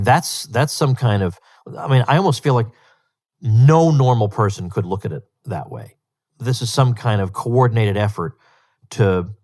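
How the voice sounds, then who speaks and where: A man hosting a solo podcast, talking emphatically and with disbelief, often repeating words for stress. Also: medium pitch. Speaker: podcast host.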